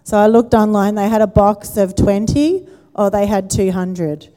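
A woman's voice: mid-range voice, moderate pace, dark tone. A woman pastor, giving a conversational sermon and asking the congregation questions. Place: church auditorium. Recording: church hall with long reverb.

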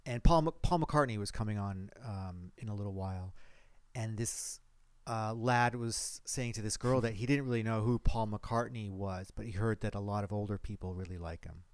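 A man co-hosting a casual chat, answering with dry, deadpan quips. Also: on the low side, normal speed, no room sound. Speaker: podcast co-host.

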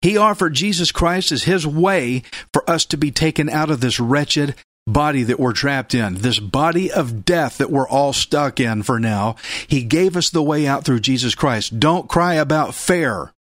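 A male preacher delivers a sermon in a forceful, emphatic way. He hammers home key phrases through repetition and now and then bursts out loudly. His voice sits at an ordinary middle pitch and is recorded dry and close. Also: lively intonation, moderate pace, dry recording.

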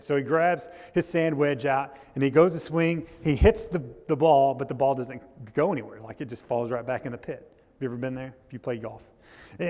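A man preaching a sermon as pastor, telling a story in a loose, halting way with frequent restarts. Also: a little high, darkish tone, in a large hall. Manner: storytelling with restarts and rising intensity. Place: church.

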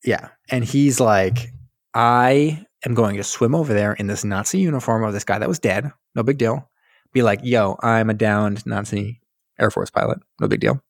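Here a podcast co-host with a voice on the low side retells a war film at a moderate pace in easygoing conversation. Lively in his storytelling, he performs characters' lines and swears and laughs. The audio is clean studio sound, no room echo.

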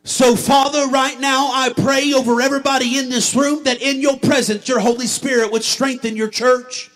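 A male pastor preaching a sermon and leading an altar prayer, swelling into a chanted, shouted preaching cadence. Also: extremely high pitch, steady tone, moderate pace. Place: church sanctuary.

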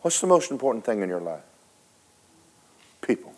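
A man preaching a sermon, telling a story dramatically, switching between loud and hushed and talking straight to the congregation. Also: on the low side, big pitch swings, normal speed. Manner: folksy, speaks to the congregation directly.

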